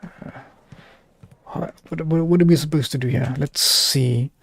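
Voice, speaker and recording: A man's voice: a little high, unhurried, breathy edge. A man from South Africa with a South African accent, chatting and joking his way through a game stream and laughing often. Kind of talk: casual gameplay commentary.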